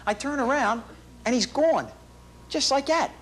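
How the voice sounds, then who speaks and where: A man's voice: extremely high pitch, lively intonation, a little slow, a bit bright, slight background noise, full character voice. An actor playing a chatty, boastful working-class family man in a comic stage monologue, rambling in street slang and bad grammar. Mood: bragging. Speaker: stage performer in a one-man show. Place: theater stage.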